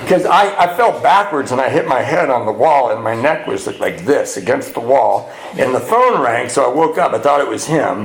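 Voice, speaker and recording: A middle-aged man from California speaking at a retreat, telling his recovery story to an audience with self-mocking humor and sudden jumps into high voices for the comic parts. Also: gravelly, slight background noise. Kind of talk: storytelling talk to a live audience. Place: retreat hall. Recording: echoey room.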